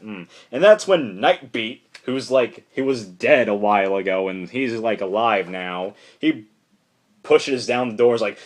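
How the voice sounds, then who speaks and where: A man excitedly recapping a comic book issue in a casual, rambling way, full of "like" and restarts. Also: medium pitch, unhurried. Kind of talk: casual enthusiastic plot recap.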